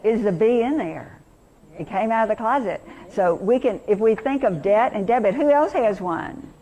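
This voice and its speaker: A woman's voice: on the high side, expressive, normal speed, warm tone, a little hiss or hum. A middle-aged woman teacher leading an interactive workshop lesson, enthusiastic and quizzing her audience.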